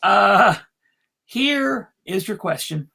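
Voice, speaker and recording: Slow-talking male show host, halting and self-interrupting, casual panel chat. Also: high-pitched, expressive, creaky, bright, forceful tone, husky. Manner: halting, many restarts and laughs. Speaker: podcast host.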